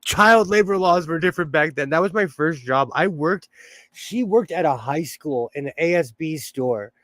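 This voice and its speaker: Man, sewing stream host, casual chat, laughs a lot, fairly high voice, dry close mic. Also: expressive, normal speed, a bit bright, dry recording. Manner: chatty, laughs often, reads chat aloud. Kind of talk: casual livestream chat reading comments. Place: home sewing room.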